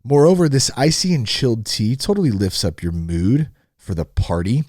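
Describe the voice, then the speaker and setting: A man's voice: mid-range voice, animated, normal speed, a little mellow, dry recording, studio quality. A man hosts a podcast, reading an article aloud in a joking way and mocking its wording. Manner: playful, mocks the wording, laughs often. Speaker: podcast host. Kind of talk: joking read-through of an article. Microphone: studio mic.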